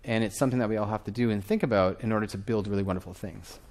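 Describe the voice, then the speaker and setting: A man in his thirties giving a lively conference talk from a stage, often asking the audience questions. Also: fairly low pitch, rapid-fire. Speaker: conference speaker.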